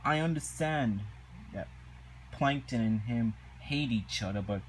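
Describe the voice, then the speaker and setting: A man giving a casual, indignant review of a cartoon episode, halting and repeating himself as he recaps. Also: mid-range voice, a little hiss or hum, poor audio.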